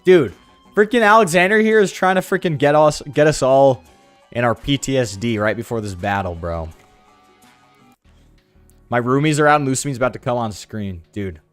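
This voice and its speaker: A young man with a sore throat giving slangy, excitable commentary while playing a video game. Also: mid-range voice, moderate pace, pauses often, clean tone, no echo, soft background music. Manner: slangy, excitable, lots of "dude" and "bro". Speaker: gaming video host.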